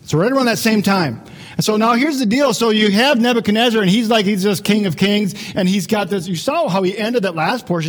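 A man delivers a Bible lesson in a casual, animated teaching style. His voice sits a little high and has a husky edge, and he keeps tossing rhetorical asides to his listeners. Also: brisk. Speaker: pastor.

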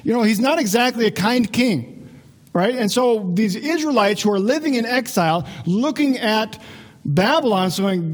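Husky-voiced man teaching the Bible. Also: high voice, moderate pace. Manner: conversational, animated, rhetorical asides. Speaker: pastor.

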